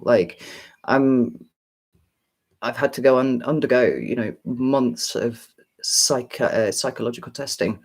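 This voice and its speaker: A woman's voice: extremely low pitch, takes it slowly, darkish tone, husky, poor audio. A woman in her forties, chatting casually on a livestream and telling a long story in a frank, sweary, rambling way with lots of fillers. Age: 40s. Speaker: tarot reader livestreaming to a chat.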